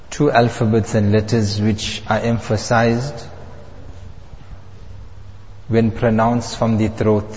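A man teaching how Arabic letters are pronounced in Quran recitation. He speaks slowly and deliberately and repeats sounds to contrast them. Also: on the low side, a little mellow. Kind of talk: step-by-step pronunciation lesson. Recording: lo-fi audio with long hall reverb.

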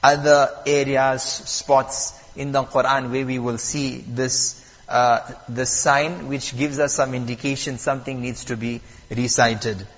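A man teaching Quran recitation at a mosque, calm and patient, repeating and stressing the key points. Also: mid-range voice, measured pace, in a large hall, muffled recording. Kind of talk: lesson on Quran recitation rules.

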